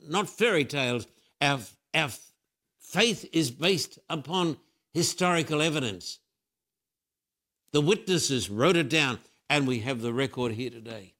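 A man's voice: fairly high pitch, fairly bright tone. An older man, a Christian preacher answering questions with emphatic, repetitive preaching. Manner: emphatic preaching with repeated phrases. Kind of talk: fervent spiritual interview answers.

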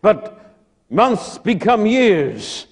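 A man preaching a sermon, retelling a Bible story dramatically, dropping to a hush and then rising loud again. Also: high-pitched, sing-song, very slow.

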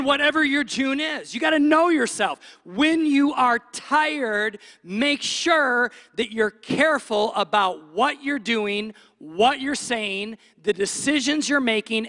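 A pastor preaching a Sunday sermon with animated delivery, acting out doubting inner voices. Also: male voice, very high-pitched, unhurried, long reverb tail. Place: church stage.

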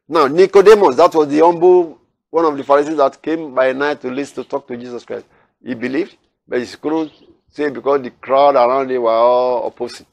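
A man teaching scripture verse by verse, explaining with repeated phrases and everyday examples and reading the verses aloud. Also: mid-range voice. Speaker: Bible teacher.

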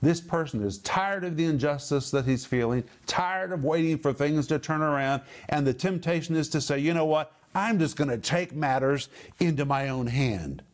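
Emphatic man teaching a sermon. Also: normal speed. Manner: emphatic, repeats phrases for stress, wide swings in pitch; explains Greek words. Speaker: Bible teacher.

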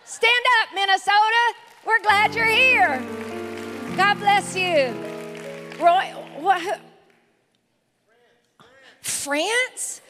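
A woman's voice: very high voice, drawn-out words, long pauses, long reverb tail. A woman pastor with a Southern accent, welcoming visitors from the pulpit in an enthusiastic, calling-out manner during a church service. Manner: enthusiastic, calls out to the congregation. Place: large church sanctuary with a congregation. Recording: live church service with music and crowd.

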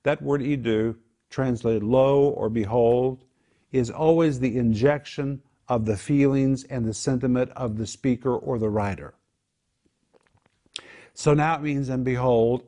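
A man's voice: mid-range voice, moderate pace, dark tone. Man teaching the Bible with emphatic repetition. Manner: explains Greek words, repeats phrases for emphasis. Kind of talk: Bible teaching in a home group discussion.

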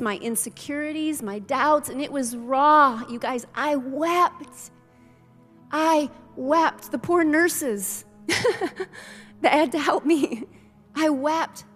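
High-voiced woman pastor preaching in a hall. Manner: emotional, personal storytelling to congregation. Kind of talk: sermon. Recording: live sermon with hall reverb and soft music.

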